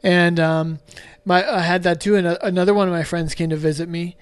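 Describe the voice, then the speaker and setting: Emotional man with a higher voice, dry sound. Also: steady tone, clean tone, no echo. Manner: emotional, halting, frequent restarts and fillers; swears casually. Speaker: podcast guest. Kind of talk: candid conversational storytelling.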